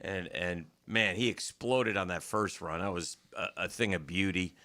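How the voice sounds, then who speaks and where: A man's voice: low-pitched, moderate pace, bright, forceful tone. A man hosting a sports radio show, chatting loosely about a football game and often repeating words as he goes. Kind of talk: casual sports talk. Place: radio studio.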